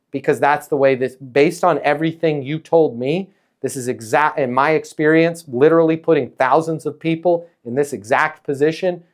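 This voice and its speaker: A man coaching a salesperson with emphatic, energetic talk, acting out little dialogues as he goes. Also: fairly high pitch, normal speed. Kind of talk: coaching a caller in a sales session.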